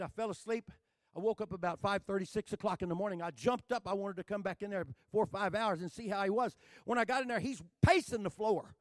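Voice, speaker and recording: An older man from Texas with a Texan accent, telling a folksy, joking sermon story that builds to shouting. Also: high-pitched, no echo, studio quality. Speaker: preacher.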